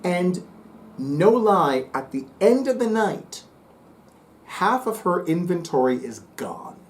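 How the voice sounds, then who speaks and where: A man talking casually to his viewers, chatty and playful with lively asides. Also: high-pitched, takes it slowly. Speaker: psychic reader and YouTuber. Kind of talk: casual monologue to camera.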